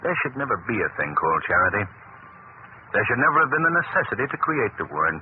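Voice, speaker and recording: Actor as earnest gentleman hero, mid voice, lively lilt, thin 1940s radio. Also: mid-range voice, fast, natural voice. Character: suave, kindly male gentleman hero. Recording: tinny old radio broadcast with hiss.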